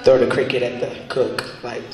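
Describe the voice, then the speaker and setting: A young man doing a rambling stand-up comedy routine with goofy, deadpan asides at a talent show. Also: mid-range voice, normal speed. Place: large school hall with audience. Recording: echoey hall, crowd behind.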